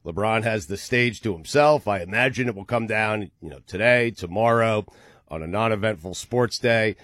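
A man's voice: fairly low pitch, moderate pace, a bit bright, dry recording, clean studio sound. Laid-back male sports radio host. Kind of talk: casual sports talk radio.

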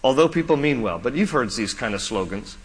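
A man's voice: medium pitch, lively intonation, a little fast, husky, big-room sound. A man preaching a sermon, earnest and pleading, rising to urgent questions, then teaching in a conversational way. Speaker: pastor.

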